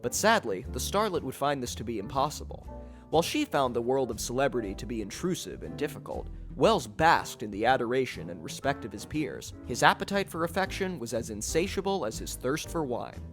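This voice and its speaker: Animated man narrating a podcast. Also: mid-range voice, fairly quick, faint music behind.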